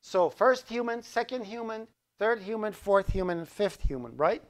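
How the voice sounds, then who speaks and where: A middle-aged man who grew up speaking Azerbaijani, teaching a college programming class in a lively, joking way and putting questions to the students. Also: sits high, moderate pace. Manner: lively, asks the class questions, jokes around. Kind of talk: live classroom lecture.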